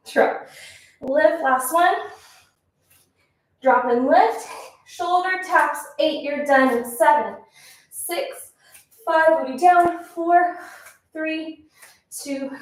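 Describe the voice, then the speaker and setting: A woman's voice: high voice, lively intonation, very slow, long pauses. A woman teaching a pilates class, counting reps and giving encouraging cues, a little out of breath. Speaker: pilates instructor. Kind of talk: workout instruction. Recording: echoey room, mic at a distance.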